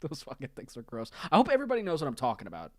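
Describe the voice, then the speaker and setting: A podcast host on a call, chatting casually, animated and profane, laughing often. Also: mid-range voice, racing, dry recording, studio quality. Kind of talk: casual chat.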